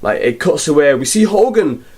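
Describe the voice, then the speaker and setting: A man's voice: on the high side, animated, moderate pace, darkish tone, slightly rough. A young man reviewing a film in a rambling, sarcastic, casual way. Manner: rambling, sarcastic, full of fillers.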